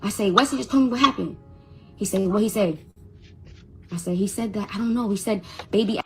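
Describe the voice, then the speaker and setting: A woman's voice: mid-range voice, fairly quick, faint music behind. A mother telling a personal story, stammering as she repeats back what was said to her. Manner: stammering, retells dialogue.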